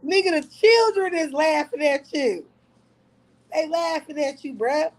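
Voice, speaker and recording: A woman hosts a casual livestream, talking to her phone as she mocks and trash-talks someone with bursts of laughter. Her high, animated voice moves at a measured pace over faint background music, and the audio is poor.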